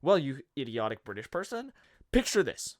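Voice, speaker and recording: A man's voice: medium pitch, big pitch swings, normal speed, dry recording, studio quality. A man narrating a comedy history video in a sarcastic, jokey way, wandering off into rambling asides. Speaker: video host.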